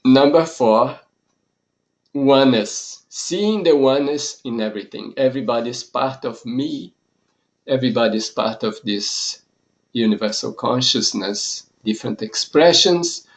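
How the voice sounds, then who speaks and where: A male yoga teacher and monk giving a spoken lesson. He speaks very slowly, setting out each idea in short, measured phrases with pauses between them. His voice sits at an ordinary middle pitch for a man.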